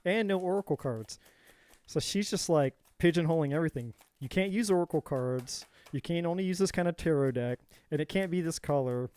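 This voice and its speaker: Higher-voiced man, dry, rambling tarot reader. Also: brisk, a little mellow, clean tone, no room sound. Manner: rambling and jokey, going off on tangents; addresses viewers directly by name. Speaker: tarot reader hosting a live stream. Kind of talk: casual live tarot reading.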